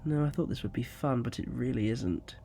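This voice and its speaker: A man voicing a resentful, bitter adult son who mutters low and sarcastic. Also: fairly quick, creaky, warm tone, faint music behind, natural voice. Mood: sneering.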